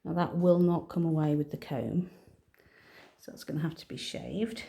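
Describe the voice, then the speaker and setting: A woman cat groomer, soothing a kitten in baby talk and calmly explaining each step as she clips him. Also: deep voice, normal speed, vocal fry. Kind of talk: narrated grooming demonstration. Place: indoor grooming room. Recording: roomy room with electric clipper buzz.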